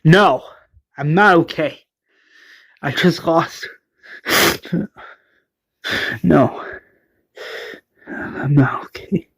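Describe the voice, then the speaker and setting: A man doing a grieving, breathy young woman. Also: a little high, extremely slow, long pauses, a bit bright, exaggerated voice.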